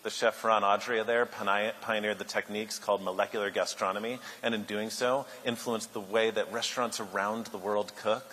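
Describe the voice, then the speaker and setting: A man giving a keynote speech at a luncheon, an animated storyteller who builds to loud outbursts. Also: on the low side, a little hiss or hum. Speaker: keynote speaker. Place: large banquet hall. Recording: echoey hall, faint ambience.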